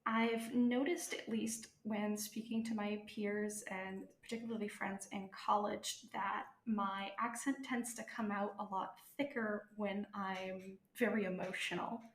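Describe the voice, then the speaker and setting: A woman's voice: medium pitch, little pitch movement, unhurried, few pauses, roomy sound. A woman with a Boston accent, speaking in a casual interview in a thoughtful way and correcting herself as she goes. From Boston area, Massachusetts.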